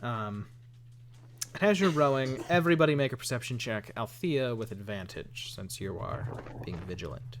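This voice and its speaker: A man narrating as game master, relaxed and self-deprecating, with lots of ums. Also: mid-range voice, normal speed, slight background noise.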